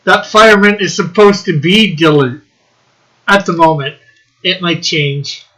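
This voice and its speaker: Bright, slow-talking man hosting a livestream. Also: high-pitched, poor audio. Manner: reads chat aloud, laughs often. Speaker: livestream host. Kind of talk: casual livestream chat.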